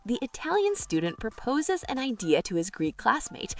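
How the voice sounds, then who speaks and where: A woman's voice: on the high side, big pitch swings, normal speed. A woman narrating jokes in a scripted, storytelling style, lifting her voice for quoted characters. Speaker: joke narrator.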